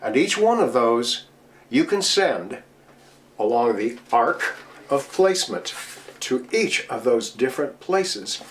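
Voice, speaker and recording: A man's voice: mid-range voice, big pitch swings, slow pace, a little hiss or hum. A middle-aged man teaching voice technique, explaining patiently and demonstrating with his own voice. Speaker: voice coach speaking to DJs. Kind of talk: instructional talk at a virtual convention.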